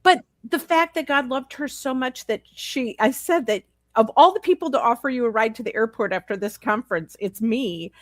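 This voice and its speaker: Convidada de podcast, mulher, narra de forma sincera e animada; som seco e próximo. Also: female voice, a little high, normal speed, few pauses, dry recording. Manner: earnest storyteller acting out quoted dialogue. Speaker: podcast guest. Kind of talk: live podcast Q&A, storytelling.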